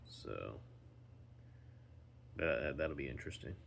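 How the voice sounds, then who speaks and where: A man talking casually in a daily vlog, rambling slowly with many ums and restarts while recovering at home and sounding tired. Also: very deep voice, lively intonation, vocal fry, a little hiss or hum. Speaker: vlogger.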